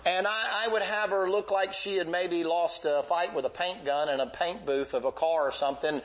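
A man's voice: high-pitched, steady tone, normal speed, poor audio. A man preaching a sermon, telling a vivid Bible story in a folksy, emphatic way.

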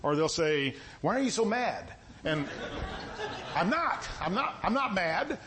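A middle-aged man preaching a sermon in a folksy, conversational way, with a voice that sounds stern even when he is not angry. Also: sits high, measured pace, crowd noise.

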